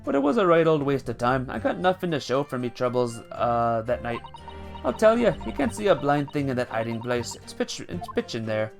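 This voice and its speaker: A man's voice: medium pitch, sing-song, fairly quick, gravelly, faint music behind. A man putting on a cheeky Cockney street urchin girl. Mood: chatty. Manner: cheeky, streetwise slang, dropped endings. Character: scrappy cockney girl pickpocket, proud, cheeky. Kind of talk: reading game dialogue aloud.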